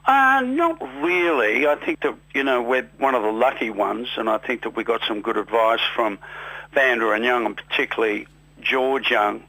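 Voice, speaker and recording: A man's voice: mid-range voice, normal speed, no room sound, low-quality recording. An Australian man in his sixties, a musician guest telling rambling, self-deprecating stories in a radio interview. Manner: rambling, self-deprecating, animated when quoting others. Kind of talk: relaxed storytelling in a radio interview.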